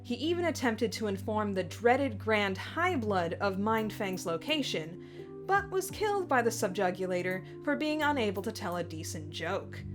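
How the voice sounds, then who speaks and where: A woman's voice: medium pitch, sing-song, moderate pace. A woman narrating scripted fandom facts with dry, teasing banter. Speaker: co-host of fandom facts video. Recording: music bed behind voice.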